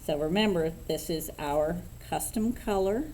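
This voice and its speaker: Low-voiced woman teaching a painting craft. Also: slight background noise, poor audio. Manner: relaxed, unhurried, thinking aloud with fillers. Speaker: craft instructor. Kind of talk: step-by-step painting tutorial.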